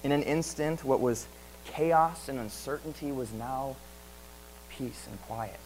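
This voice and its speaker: A man's voice: medium pitch, slow, darkish tone, faint music behind, poor audio. A man preaching a sermon in an earnest way, asking many rhetorical questions and often repeating words.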